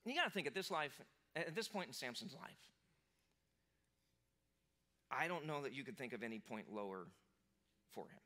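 A man's voice: mid-range voice, bright, forceful tone. A man preaching a sermon in a casual, conversational way, full of fillers and restarts, who acts out the lines of the people he describes. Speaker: pastor. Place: church sanctuary.

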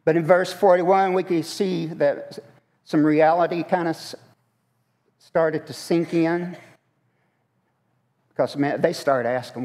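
A man's voice: fairly high pitch, slow, long pauses, a little mellow. A man preaching a conversational sermon in a church, asking the congregation questions as he goes. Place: church sanctuary. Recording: long hall reverb.

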